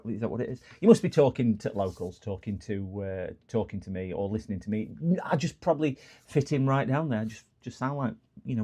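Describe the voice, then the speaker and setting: Rambling northern English man, mellow voice. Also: fairly low pitch. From northern England. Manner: rambling, digressive storyteller. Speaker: electronics repair streamer. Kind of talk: casual live-stream chat.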